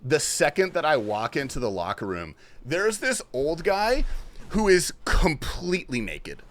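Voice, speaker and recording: A young man streaming a game, telling a story in a casual, animated way, swearing and laughing often. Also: on the high side, measured pace. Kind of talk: casual story-telling chat while gaming.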